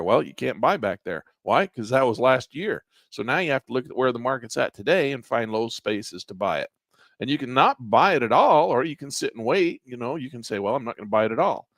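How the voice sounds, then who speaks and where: Casual male trading teacher, voice going hoarse, keeps clearing his throat, mid-range pitch, dry close sound. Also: no room sound. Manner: casual and folksy, acts out traders' thoughts in quick asides. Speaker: trading instructor. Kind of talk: live online class, walking through charts.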